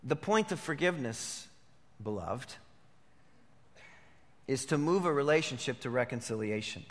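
A pastor preaching a sermon, moving between hushed reflection and emphatic declarations. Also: male voice, mid-range voice, lively intonation, fairly quick, in a large hall.

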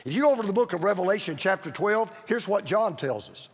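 Animated high-voiced preacher in an echoey hall. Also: male voice, quick pace, breathy edge. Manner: emphatic, repeats key phrases, swings from loud to hushed. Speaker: pastor. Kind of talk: sermon. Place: church sanctuary.

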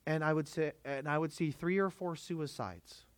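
Male preacher of Filipino background, emphatic sermon delivery, slightly high voice, dry close sound. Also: normal speed, no echo. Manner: emphatic, rhetorical questions to the congregation. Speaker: pastor.

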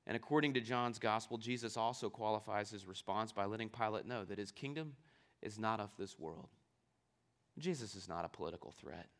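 A man's voice: fairly low pitch, a little fast. A man preaching a sermon, reading scripture aloud and explaining it, asking rhetorical questions along the way. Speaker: pastor.

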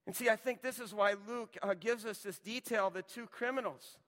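High, bright-voiced man preaching. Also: normal speed, in a large hall. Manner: swings from loud emphatic to hushed near-whisper. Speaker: pastor. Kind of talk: sermon.

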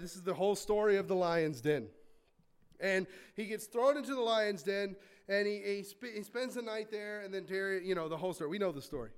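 A man with a high voice preaches a sermon with lively, animated delivery. He reads scripture aloud and then breaks into casual asides. His volume swings from forceful emphasis down to quiet, hushed remarks. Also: normal speed, clear, resonant tone. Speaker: pastor.

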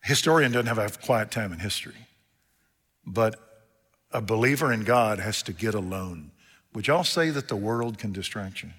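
A man preaching a sermon, retelling scripture scenes in plain speech and swinging from loud, urgent peaks to hushed lows. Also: lively intonation, normal speed, breathy edge, big-room sound.

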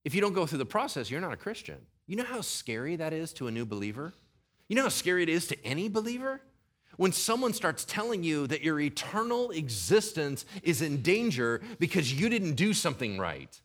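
A male pastor preaching with a lively, swooping delivery and a bright, forceful tone. His voice sits a little high for a man, and he slips into quoted voices as he drives each point home. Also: fairly quick. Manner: animated, acts out quoted voices. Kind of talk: sermon.

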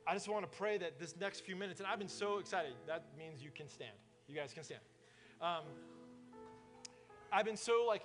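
A man preaching a sermon in a casual, conversational way, full of fillers, in a church service held in a warehouse. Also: a little high. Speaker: pastor.

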